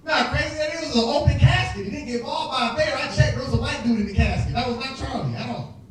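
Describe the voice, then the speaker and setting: A young man performing a stand-up comedy set, telling animated stories and acting out quoted voices, recorded on stage with an audience laughing. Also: extremely high pitch, fast. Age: young adult. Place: stage before a live audience. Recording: roomy hall, distant mic, crowd laughter.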